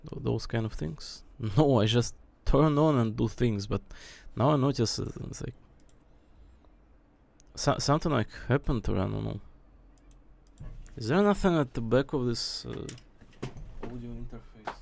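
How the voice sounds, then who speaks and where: A man's voice: medium pitch, a little slow, gravelly, long pauses, darkish tone. A man in his late twenties chatting casually on his stream, rambling and hesitant as he thinks aloud with many fillers. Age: 20s. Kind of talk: casual chat.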